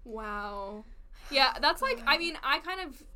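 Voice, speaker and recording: A young woman from Virginia co-hosting a podcast, in casual chat with quick teasing comebacks. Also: high voice, animated, pushed and bright. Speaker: podcast co-host.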